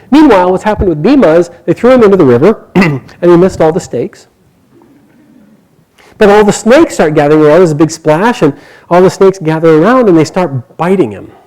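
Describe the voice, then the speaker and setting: A man telling an old epic in a relaxed, conversational way. His voice swings between quick, raised bursts of excitement and low, hushed asides when he quotes the characters. He often restarts phrases as he builds the tale. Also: low-quality recording. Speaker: storyteller. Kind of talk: casual oral storytelling.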